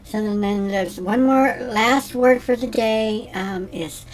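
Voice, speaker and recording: A man's voice: high-pitched, takes it slowly, over loud music. Janis Simpleton, a ditzy rambling lady, as a man plays her. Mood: airy rambling. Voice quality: rambling, scatterbrained, giggly. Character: ditzy, self-absorbed middle-aged woman teacher. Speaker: comedy character host. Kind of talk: scripted character comedy monologue.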